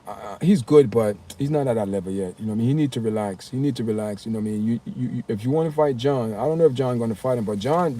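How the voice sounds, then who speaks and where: A man hosts a casual livestream from a windy city street, talking straight to his viewers in an animated way. His voice is dark and relaxed, of middling pitch. Faint traffic hum sits behind him. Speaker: livestream host. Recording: faint outdoor street noise.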